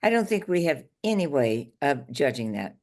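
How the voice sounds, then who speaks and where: A woman on a town committee, raising a concern carefully and deliberately in a meeting. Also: very deep voice, sing-song, darkish tone. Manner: deliberate, careful, hesitant phrasing. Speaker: committee member.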